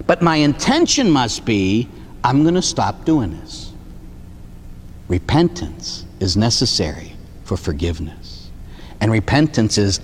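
A man preaching a sermon as a Catholic priest, telling stories and acting out dialogue. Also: mid-range voice. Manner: animated storytelling, acts out dialogue, tags lines with "huh?". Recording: faint noise, long hall reverb.

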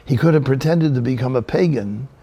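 A man's voice: mid-range voice, fairly quick, husky, highs cut off. A man from New Jersey preaching a sermon, telling Bible stories with humorous asides. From New Jersey, USA.

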